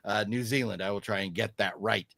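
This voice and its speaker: A man's voice: on the low side, steady tone, a little fast, gravelly, sharp tone, dry recording, studio quality. A man hosting a casual live stream, chatting and reading viewer comments aloud with lots of fillers. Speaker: host.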